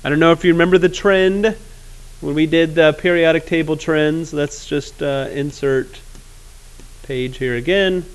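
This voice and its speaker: A man teaching chemistry in a classroom, casual and joking, with awkward pauses. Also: a little high, steady tone, smooth. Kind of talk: classroom lecture.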